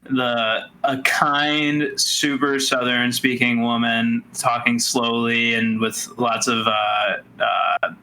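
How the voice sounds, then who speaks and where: A man's voice: medium pitch, little pitch movement, slow, few pauses, pushed and bright, rough recording. A man co-hosting a podcast in casual chat, telling stories in a rambling way with fillers and laughs. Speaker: podcast co-host.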